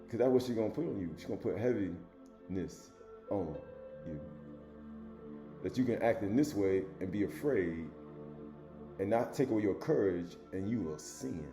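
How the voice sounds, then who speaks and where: A man preaching a sermon, reading scripture loudly and dropping to low asides, with casual rhetorical questions to his listeners. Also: expressive, moderate pace, long pauses, roomy sound, soft background music. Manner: swings between loud emphatic reading and low murmured asides.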